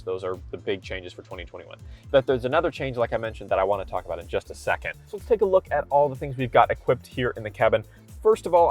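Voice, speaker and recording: A man from Kentucky giving an upbeat, conversational walkaround review from inside a car cabin. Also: on the low side.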